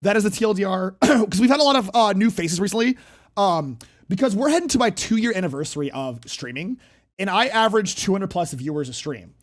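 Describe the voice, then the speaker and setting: A man's voice: sits high, lively intonation, a little fast. A man hosting a reaction stream in a casual, emphatic, rambling and jokey way. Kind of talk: casual live-stream commentary.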